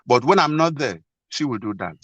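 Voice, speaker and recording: A man earnestly telling a personal story as a guest, halting and repeating himself often. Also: mid-range voice, animated, fairly bright tone, no room sound, muffled recording. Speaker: guest sharing a marriage problem.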